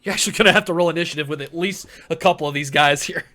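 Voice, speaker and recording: Bright-voiced male game master. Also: fairly high pitch, rapid-fire. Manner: lively, laughing narration. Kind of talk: narrating a tabletop game.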